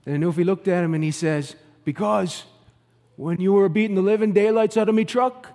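A man voicing a jovial Newfoundland storyteller with a Newfoundland accent, telling a joke loudly and high. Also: in a large hall. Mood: jolly. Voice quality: high, loud, animated telling with drawn-out words.

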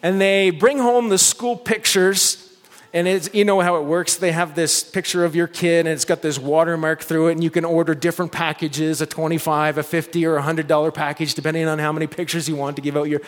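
A man preaching in a church sanctuary, his fairly high voice ringing out with a long hall reverb. He tells a story with lively build-ups, then slows into soft, earnest appeals. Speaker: pastor. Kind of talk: sermon.

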